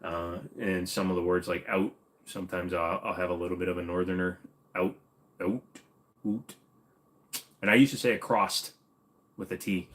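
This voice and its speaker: A man's voice: sits low, steady tone, fast, a bit bright. A man with a Minnesotan accent hosting a casual livestream Q&A, blunt and opinionated. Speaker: host.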